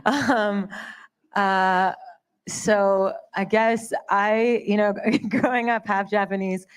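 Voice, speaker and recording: A woman's voice: mid-range voice, steady tone, slow pace, clear, resonant tone. A woman from Canada speaking on a conference panel, bubbly and rambling, laughing often. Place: conference stage.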